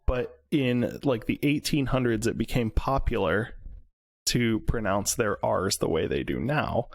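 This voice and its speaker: A man's voice: mid-range voice, measured pace. A man from central Indiana co-hosting a podcast, ranting animatedly in casual chat and laughing at his own points. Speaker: podcast co-host.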